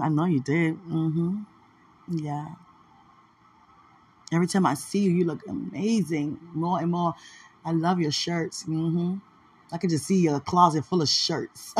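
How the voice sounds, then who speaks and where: A woman's voice: on the low side, a little mellow, slightly rough. A woman in casual, rambling chat, playful and affectionate, laughing often and talking aloud to God.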